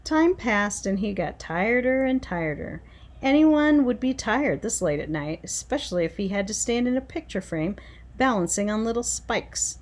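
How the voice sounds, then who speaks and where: Lively woman reading a storybook aloud. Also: mid-range voice, normal speed. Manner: expressive, dramatic. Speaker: reader.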